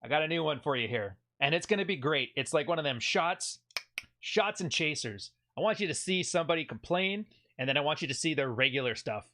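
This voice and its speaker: A man from Canada hosts a commentary video in a sarcastic, jokey way and is quick to laugh. His pitch swings widely and sits a little high. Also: lively intonation, sharp tone.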